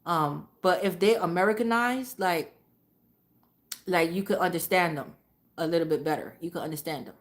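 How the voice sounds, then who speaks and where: A woman vlogger talking casually, rambling and repeating herself, trailing off into low mutters. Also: normal speed. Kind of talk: casual monologue.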